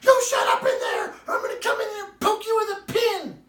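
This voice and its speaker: A man mimicking a frantic shrill mom. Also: huge pitch swings, quick pace, roomy sound, distant mic. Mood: shouting. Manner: shrill, shouting. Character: frantic exasperated young mother, woman.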